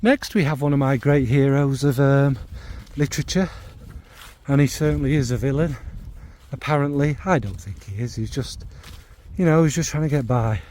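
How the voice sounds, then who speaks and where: Man, casual fragrance chat, mellow warm tone, rambling, lots of tag questions. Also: medium pitch, normal speed. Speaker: fragrance reviewer.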